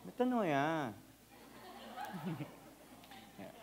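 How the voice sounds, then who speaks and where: Man, Filipino accent, pastor, animated sermon, high voice, lively pitch. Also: measured pace, long pauses, a little hiss or hum. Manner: animated, switches between Tagalog and English.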